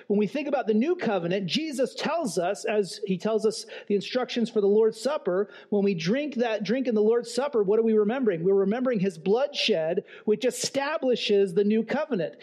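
A man's voice: sits high, animated, moderate pace, few pauses, a little mellow, slightly rough. A man preaching a sermon in an earnest, emphatic way, posing rhetorical questions and repeating key phrases. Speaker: pastor.

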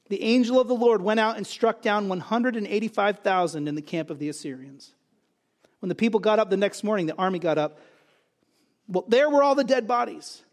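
A man's voice: sits high, darkish tone. A man preaching a sermon, emphatic, asking and answering his own rhetorical questions. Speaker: pastor.

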